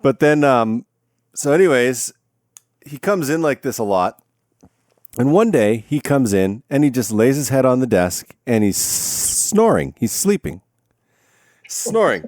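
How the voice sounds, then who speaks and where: A man recounts anecdotes in a relaxed podcast conversation, his pitch swinging widely as he plays out each exchange. He laughs readily between lines, and the sound is dry and close with no room echo. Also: unhurried. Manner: animated storytelling, acts out dialogue, laughs often. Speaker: podcast guest. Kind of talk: casual chat.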